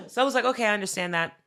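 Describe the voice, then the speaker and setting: Woman podcast co-host with a bright, gravelly voice, an animated storyteller. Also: medium pitch, racing. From Haitian family. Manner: animated, swears a lot, acts out quotes. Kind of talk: casual storytelling chat.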